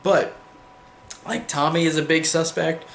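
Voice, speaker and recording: A man's voice: fairly high pitch, flat delivery, unhurried, gravelly, fairly bright tone, roomy sound, slight background noise. A young man reviewing films in a casual monologue, enthusiastic and rambling with lots of fillers. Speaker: film reviewer.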